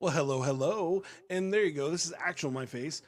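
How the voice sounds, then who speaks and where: A man's voice: on the high side, a little fast. A man hosting a casual podcast, rambling loosely through stories with lots of fillers and restarts. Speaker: podcast host and rapper.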